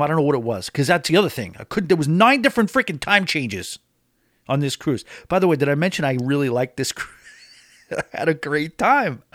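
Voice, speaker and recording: A man's voice: mid-range voice, no room sound. Chatty, opinionated man in a dry room. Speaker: cruise vlogger. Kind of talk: casual monologue to camera.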